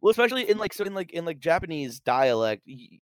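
A man's voice: fairly high pitch, sing-song, fast talker, no echo. A man in casual conversation, animatedly retelling movie scenes and acting out bits of the dialogue. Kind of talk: casual film discussion.

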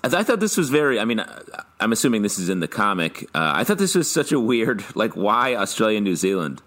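A man with a low voice that swings widely in pitch. He muses on a TV show with a podcast crew, stopping and starting with lots of fillers. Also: big pitch swings, fast talker, fairly bright tone. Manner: hesitant, filler-heavy musing. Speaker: podcast co-host. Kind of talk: casual chat.

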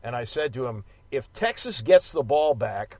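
A man's voice: medium pitch, expressive, moderate pace, a little mellow, no echo. A middle-aged man, a regular guest on a sports podcast, arguing his views in an emphatic, stubborn way. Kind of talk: casual sports talk. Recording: dry, slightly dull sound.

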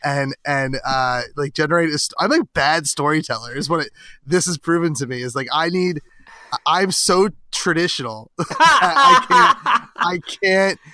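A man hosting a podcast in a casual chat, talking haltingly with many restarts and quick agreements. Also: a little high, pushed and bright, no room sound, studio quality. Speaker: podcast host.

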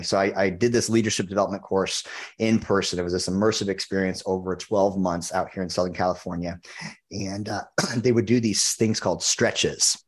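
A man in a podcast interview who tells his story in a blunt, intense way and swears freely. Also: deep voice. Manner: intense, blunt and frequently profane. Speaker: podcast guest, men's coach. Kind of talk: casual conversational storytelling.

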